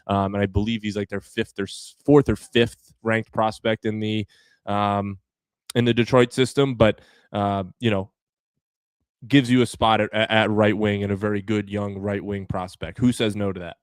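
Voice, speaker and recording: Smooth-voiced man hosting a sports podcast. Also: on the low side, no echo. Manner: animated, lays out ideas with many fillers. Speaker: podcast host. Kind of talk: casual sports chat.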